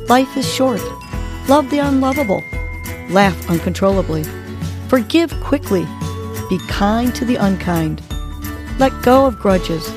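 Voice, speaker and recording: A woman hosting a morning podcast, guiding a breathing exercise and giving encouraging words in a soothing, steady voice. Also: a little high, music in the background. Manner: slow, soothing, encouraging delivery. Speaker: podcast host. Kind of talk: guided breathing and motivational talk.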